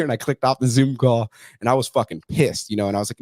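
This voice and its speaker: A man in his thirties hosts a casual podcast chat, rattling off stories at a rapid clip with blunt, heavy profanity. His voice sounds close and dry, with no room echo. He is intense and fired up. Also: on the low side, steady tone, darkish tone. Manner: blunt, heavily profane storytelling. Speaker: podcast host.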